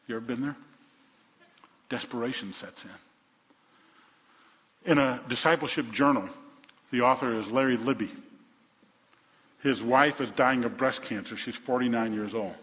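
A man's voice: mid-range voice, moderate pace, pauses often, fairly bright tone. A man preaching a sermon as pastor. He talks earnestly, repeats his words and asks his listeners questions. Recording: echoey hall, dull lo-fi sound.

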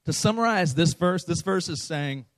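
A man's voice: fairly high pitch, expressive, moderate pace, dry recording. A young adult man preaching a conversational sermon as a pastor, earnest and direct, often repeating phrases and asking the listeners questions.

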